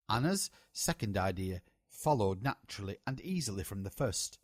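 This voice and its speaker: Man, memoir reading, very animated melody, dry sound. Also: on the low side, no echo. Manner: slow, lively storytelling delivery. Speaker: audiobook reader.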